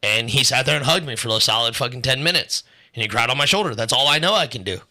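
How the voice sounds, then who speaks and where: Male podcast co-host, very bright sharp voice, rambling and profane. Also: mid-range voice, lively intonation, fast talker. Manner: rambling storyteller, heavy fillers and swearing. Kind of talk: casual podcast chat.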